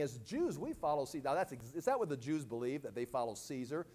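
A man teaching a sermon verse by verse, casually explaining and acting out quoted lines in dramatic voices. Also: fast. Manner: animated, acts out quoted lines with big swings in pitch and volume. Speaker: Bible teacher. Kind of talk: expository sermon.

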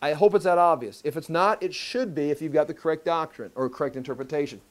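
Emphatic higher-voiced male preacher. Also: fast. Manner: emphatic, repeats key phrases, restarts mid-sentence. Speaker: Bible teacher. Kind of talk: Bible study sermon.

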